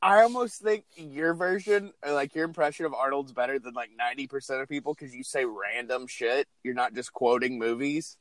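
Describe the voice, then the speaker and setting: A man co-hosting a casual movie podcast, animated, crude and quick to laugh. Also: mid-range voice, no echo. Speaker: podcast co-host.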